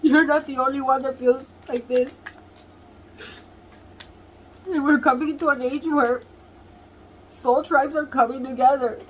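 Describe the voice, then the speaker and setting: High-voiced, emotional woman tarot reader. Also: fairly even intonation, a little slow, pauses often, slight background noise, poor audio. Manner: emotional, tearful and laughing between phrases; earnest, repeats phrases. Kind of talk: tarot reading to camera.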